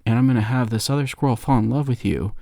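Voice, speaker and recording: A man's voice: medium pitch, quick pace, gravelly, warm tone, dry recording, studio quality, natural voice. A man doing a breezy, grouchy old wizard. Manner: casual, slangy, offhand.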